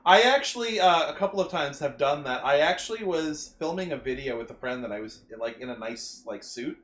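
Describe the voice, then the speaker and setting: A man co-hosting a casual podcast chat, telling stories in an animated, rambling way with lots of fillers. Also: a little high, brisk. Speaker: podcast co-host. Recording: roomy echoey mic.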